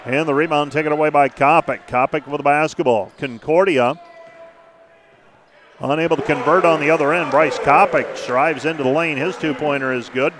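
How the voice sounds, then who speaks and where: Man calling basketball play-by-play, fairly high voice. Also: fairly bright tone, a little hiss or hum. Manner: brisk name-by-name play calling with stat asides. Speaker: play-by-play announcer. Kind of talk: live basketball commentary.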